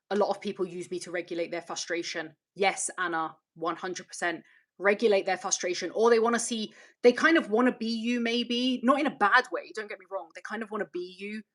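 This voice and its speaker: Candid, rambling woman on a livestream. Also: mid-range voice. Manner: candid, rambling, swears freely. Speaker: channel host. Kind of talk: casual livestream chat reading viewer comments.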